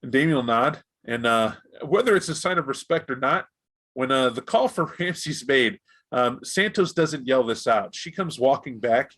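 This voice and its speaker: A man narrating as game master of a tabletop role-playing game, animated and jumping into characters' voices. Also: medium pitch, normal speed. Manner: animated, voices gang members in bursts.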